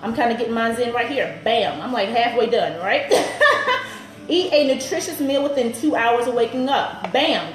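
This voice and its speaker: A woman's voice: a little high, animated, normal speed, echoey room, soft background music, poor audio. A woman personal trainer in her thirties, chatting upbeat on a live stream to viewers and laughing often.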